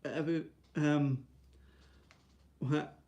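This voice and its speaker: A man's voice: flat delivery, extremely slow, darkish tone, muffled recording. A man rambling to camera in a casual vlog, restarting often and tagging lines with "right?". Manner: high sing-song baby talk to his dog. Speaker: vlogger.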